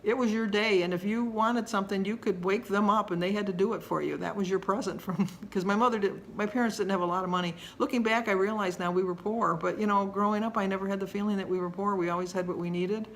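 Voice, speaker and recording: A woman's voice: mid-range voice, steady tone, quick pace, hardly any pauses, a little hiss or hum. A woman in her sixties chatting casually to camera at home, rambling and homey in her delivery. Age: 60s. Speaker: vlogger.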